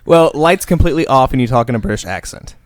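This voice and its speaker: A man's voice: mid-range voice, animated, fast talker, dry recording. An American man co-hosting a podcast, teasing the others in casual chat. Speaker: podcast co-host.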